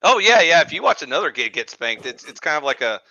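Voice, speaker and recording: A man's voice: a little high, big pitch swings, fast talker, sharp tone, no echo, lo-fi sound. A man cracking blunt jokes in a casual chat. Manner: blunt wisecracking remarks. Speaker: podcast co-host.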